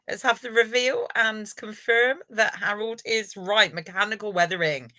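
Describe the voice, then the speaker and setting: A woman's voice: medium pitch, unhurried, hardly any pauses, bright, forceful tone, no room sound. A woman hosting a live online revision lesson, encouraging viewers and running a quiz. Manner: encouraging, upbeat, praises viewers.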